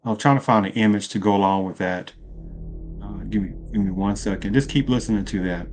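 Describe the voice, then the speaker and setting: A man's voice: fairly low pitch, fairly quick, a little mellow, faint music behind. A man giving opinionated political commentary in a rambling way, asking rhetorical questions and often correcting himself. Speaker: video commentator.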